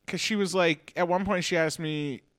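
A man's voice: on the high side, steady tone, moderate pace, fairly bright tone, dry recording, studio quality. A man from Halifax, a comedian and podcast host rambling in casual chat, swearing freely and mocking himself. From Halifax, Canada. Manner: rambling, profane, self-mocking.

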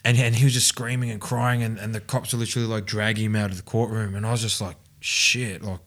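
Man telling a story, slightly low. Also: level tone, quick pace. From Australia. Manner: rambling, many fillers and restarts, laughs often. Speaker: podcast guest. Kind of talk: casual storytelling interview.

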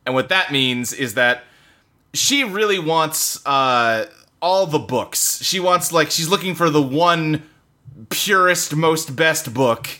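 Bright-voiced man rambling casually. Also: a little high, animated, slow pace. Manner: rambling, loose, profane, lots of fillers. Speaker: podcast co-host. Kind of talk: casual chat about video games. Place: home office in a bedroom. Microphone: desktop computer setup.

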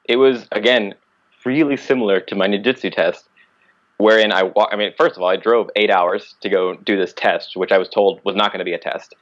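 Low male voice, lively storyteller, slightly dull recording. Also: a little fast. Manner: animated, acts out quoted dialogue. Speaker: podcast guest, martial artist. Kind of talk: casual storytelling.

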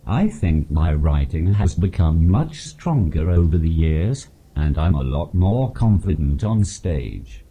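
A man speaking through a text-to-speech device with a monotone, posh English voice, delivering dry punchlines in an interview. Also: low voice, slow, hardly any pauses, husky. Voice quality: monotone synthetic voice. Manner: flat, no emphasis, dry punchlines. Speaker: comedian guest. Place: live stage at a comedy festival.

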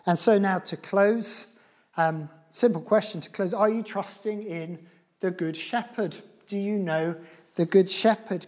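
An earnest preacher delivers a sermon in a church. The voice sits at a middle pitch and often stumbles into restarts and repeated words before pressing on. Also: unhurried, a little mellow.

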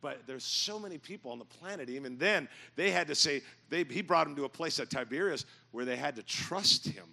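A middle-aged man preaching a sermon in a church, telling stories and building to loud, emphatic points. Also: on the high side, lively intonation, a little fast, creaky, hardly any pauses. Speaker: pastor. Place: church sanctuary.

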